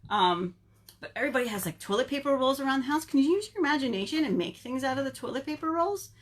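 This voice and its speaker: A woman working as a children's librarian, reading a picture book aloud in an animated, sing-song way and asking the children questions, recorded at home. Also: high-pitched, fast. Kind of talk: storytime read-aloud for children.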